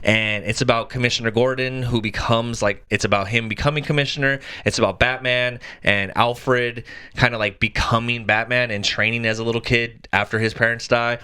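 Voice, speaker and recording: A young man co-hosts a casual podcast and gushes about a show, swearing freely and acting out scenes. His voice is bright and forceful, at an average pitch for a man. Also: fairly even intonation, normal speed, clean tone. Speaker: podcast co-host. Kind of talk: casual chat.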